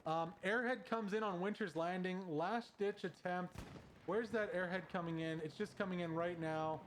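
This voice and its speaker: Man shoutcasting an esports match. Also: high voice, normal speed, slight background noise. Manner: excited, rising sharply at big plays. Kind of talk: esports play-by-play commentary.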